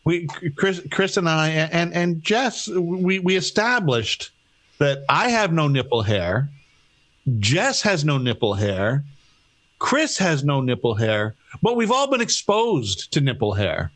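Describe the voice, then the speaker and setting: A man with a fairly high, very lively voice rambles and jokes bawdily in a casual podcast chat. He often stumbles and restarts as he talks. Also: slow. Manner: rambling, bawdy joking.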